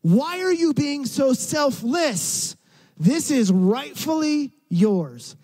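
A man voicing a king who slowly and insistently questions his son, in a large echoing hall. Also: very high-pitched, very animated, a little mellow, pitched above the performer's own voice, full character voice.

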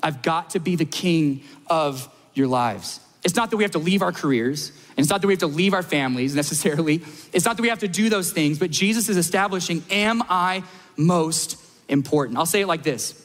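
A man's voice: high-pitched, fast talker, a bit bright, big-room sound. A man preaching a sermon as pastor at a church service, emphatic, repeating lines and building to peaks.

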